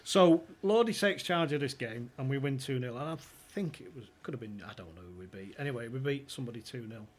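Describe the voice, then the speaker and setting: Male podcast guest, husky, a loose storyteller who swears and imitates the people he quotes. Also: medium pitch, animated, a little fast, few pauses. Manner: chatty, swears freely, acts out quoted phone calls. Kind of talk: anecdotal storytelling.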